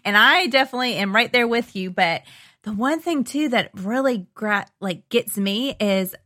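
A woman co-hosting a casual chat, bubbly and quick to laugh. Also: a little high, pushed and bright. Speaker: podcast co-host.

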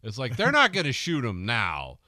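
A man's voice: medium pitch, huge pitch swings, moderate pace, pushed and bright, dry recording, studio quality. A man riffing sarcastically on a movie in a podcast chat, slipping into mock quotes of the characters. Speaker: podcast co-host. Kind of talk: casual film commentary chat.

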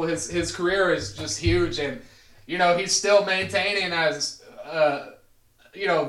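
Male podcast host, relaxed slangy chat, roomy distant recording. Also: fairly high pitch. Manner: relaxed, prompts the others, profane slang. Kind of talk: casual chat.

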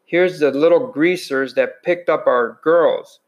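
A man's voice: fairly high pitch, takes it slowly, dull audio. A man reading aloud and voicing a drunk, sneering teenage bully from a novel.

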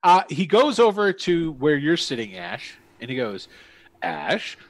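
A man's voice: on the high side, very animated, normal speed, no echo. A man narrating a tabletop game as game master, casual and rambling. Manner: casual, rambling, full of fillers.

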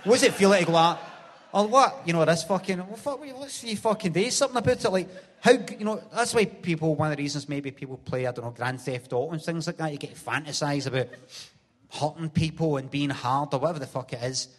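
A man's voice: fairly high pitch, fast talker. A Glaswegian man, the guest on a live theatre stage show, telling sweary stories with laughs and acting out voices. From Glasgow, Scotland. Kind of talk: live stage interview, storytelling.

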